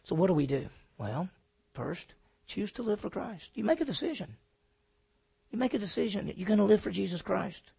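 Male pastor, slightly high gravelly voice, husky; preaches loud then drops to a hush. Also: expressive, normal speed. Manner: swings from loud emphatic preaching to hushed, near-whispered lines; asks the congregation questions and answers them himself. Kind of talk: sermon.

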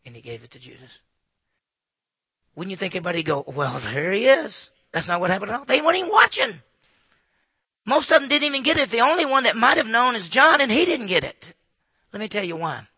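A man preaching an expository sermon in an animated way, acting out asides in hushed voices. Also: extremely high pitch, quick pace, long pauses, husky, dry recording. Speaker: pastor.

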